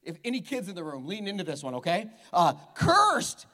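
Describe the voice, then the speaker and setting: A pastor in a church, preaching with a playful, teasing edge. His voice sits high for a man and jumps all over the place as he jokes with the congregation. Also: animated, racing. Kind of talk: sermon. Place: church hall with a live congregation.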